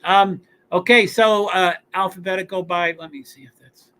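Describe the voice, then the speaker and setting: A man hosting a casual sports watch-along stream, reading team rosters and stats aloud with many fillers, pauses and chatty asides. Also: high voice, steady tone, a bit bright, smooth.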